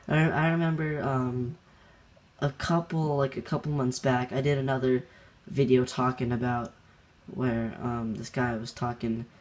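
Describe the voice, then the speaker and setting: A man's voice: mid-range voice, level tone, unhurried. A young man hosting a gaming channel, recounting a match in rambling casual commentary, laughing often and full of fillers and restarts.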